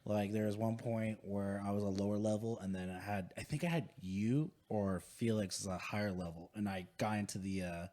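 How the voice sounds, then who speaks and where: A man in a casual gaming podcast chat, relaxed and a little hesitant with fillers. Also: lowish voice, moderate pace, hardly any pauses.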